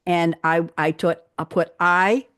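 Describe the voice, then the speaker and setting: A woman guest poet on an interview show chats cheerfully, laughs often and reads her own poems aloud. Her voice is on the low side, fairly bright, clear and resonant, with fairly even intonation at a slightly slow pace. The recording is studio quality with no room sound.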